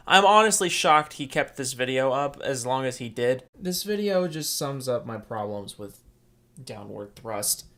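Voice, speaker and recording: A man's voice: medium pitch, bright, forceful tone. Sarcastic man ranting over gameplay. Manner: sarcastic, exasperated. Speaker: YouTube commentator. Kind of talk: response video commentary.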